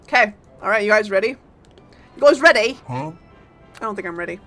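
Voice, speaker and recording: A woman streaming a game live, chatting casually and playfully with bursts of loud exclamations. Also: mid-range voice, expressive, moderate pace, soft background music.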